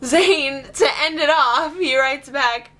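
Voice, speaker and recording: A woman vlogging in casual chatty storytelling, giggly, excitable and gushing. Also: high-pitched, slow, slight background noise.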